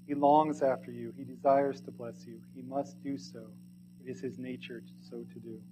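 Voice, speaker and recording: A man reading a sermon aloud in archaic English, earnest and pleading, swinging from loud to hushed. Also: medium pitch, steady tone, normal speed, background noise.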